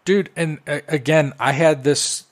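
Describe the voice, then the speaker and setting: A man's voice: on the high side, measured pace. A man co-hosting a casual podcast, telling rambling stories full of swearing. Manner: profane, rambling storyteller. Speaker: podcast co-host. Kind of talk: casual chat.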